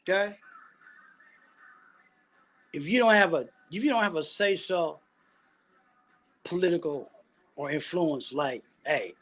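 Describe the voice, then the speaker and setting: Man, high-pitched, heated, profane, slangy political rant. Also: slow pace, long pauses, a bit bright. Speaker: vlogger giving opinions.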